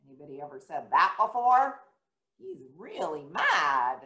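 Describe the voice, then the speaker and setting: Woman, children's sermon, animated pitch, roomy church echo. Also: a little slow. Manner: gentle, storytelling, asks children questions. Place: church sanctuary. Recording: echoey church room.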